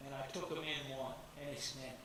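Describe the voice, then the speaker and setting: A man's voice: mid-range voice, level tone, a little fast, bright, forceful tone. Rambling man testifying in an echoey church. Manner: folksy, rambling, many restarts. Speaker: church member giving testimony. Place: church hall. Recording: echoey church hall, distant mic, noisy.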